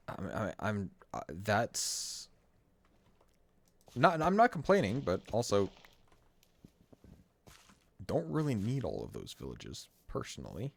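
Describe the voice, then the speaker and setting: A man's voice: on the low side, creaky, breathy edge, no room sound. A man streaming a game, talking through his moves in a rambling, wry, self-correcting way at his desk microphone. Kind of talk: casual gameplay commentary.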